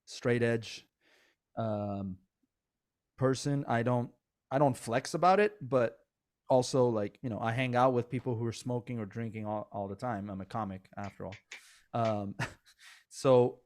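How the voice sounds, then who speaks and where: A man hosting a casual podcast, a comedian telling animated stories with lots of fillers and laughs. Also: medium pitch, measured pace.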